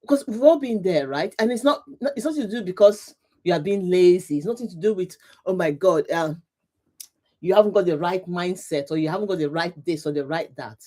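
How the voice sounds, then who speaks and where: This livestream host and coach, a middle-aged woman, has a warm, lowish voice and a fairly quick pace. Her live motivational talk is emphatic and repetitive, and she laughs a lot while welcoming viewers.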